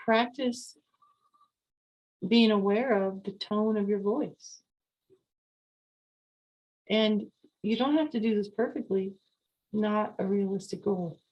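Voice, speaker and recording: A woman hosting a podcast, talking calmly and repetitively as she coaches listeners on slowing down and mindfulness. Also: medium pitch, rough recording. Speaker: podcast host. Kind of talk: calm podcast talk on sleep and mindfulness.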